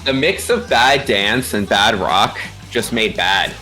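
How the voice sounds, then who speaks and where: A man's voice: fairly low pitch, slow pace, rough recording. A man co-hosting a music reaction video, criticizing songs bluntly in casual chat.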